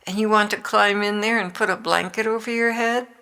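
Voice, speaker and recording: An older woman reading the words of Jesus as a gentle, loving divine man, with tender, encouraging exhortation in a devotional reading. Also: mid-range voice, steady tone, a little fast, clear, resonant tone.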